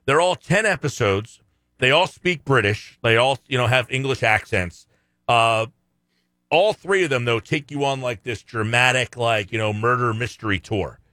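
A man's voice: mid-range voice, moderate pace, no room sound. A man co-hosting a sports radio show, giving firm opinions in casual talk. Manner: opinionated, lively, reads out listener texts.

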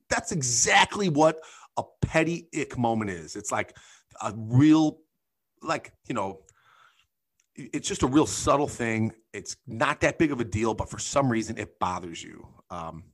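A man's voice: mid-range voice, a bit bright. A man hosting a comedic podcast, talking loosely and profanely, laughing often as he reads listener messages and tells stories. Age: adult. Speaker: podcast host. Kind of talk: casual comedic chat.

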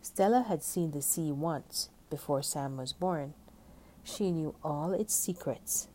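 Slow, low-voiced woman storyteller. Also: mellow, slight background noise. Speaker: narrator. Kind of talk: storybook read-aloud.

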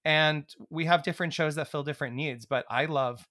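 A man's voice: fairly high pitch, steady tone, fairly quick, pushed and bright. A man hosting a casual interview, talking with fan enthusiasm and lots of filler words. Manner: enthusiastic, gushing fan talk full of "like".

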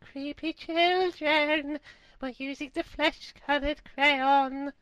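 A man putting on the high, wavering voice of a creepy little child who sounds like an old woman, in a slow, eerie, sing-song manner. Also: steady tone, a bit bright, no echo, full character voice.

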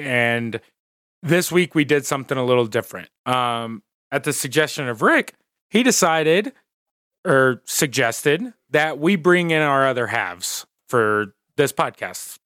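This is a man in his thirties riffing on a casual podcast. His voice leaps around in pitch as he gets emphatic, and he laughs freely. The sound is dry and close, with no room around it. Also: no echo. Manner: animated, laughs often, emphatic. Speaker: podcast co-host. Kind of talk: casual chat.

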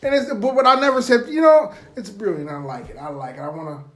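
Woman co-host, casual chat, blunt and swearing, laughing, mid pitch. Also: fast. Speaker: podcast co-host.

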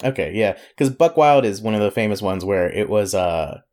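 A man's voice: on the low side, moderate pace. A man co-hosting a casual podcast, joking and laughing and reading an advice letter aloud. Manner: joking, laughs often, lively. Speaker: podcast co-host.

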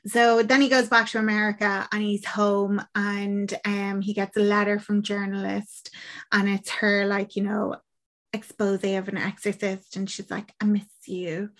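A woman's voice: mid-range voice, level tone, unhurried. A young woman in casual podcast chat, retelling a film plot and acting out the characters' lines. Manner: chatty, acts out quoted lines, swears casually.

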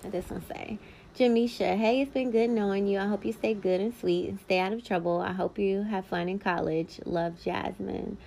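Over a bit of hiss or hum on a poor-quality recording, this podcast host in her thirties reads from old notes in a relaxed way, adding brief comments herself. She speaks at a moderate pace with a steady, medium-pitched voice that sounds gravelly and dark.

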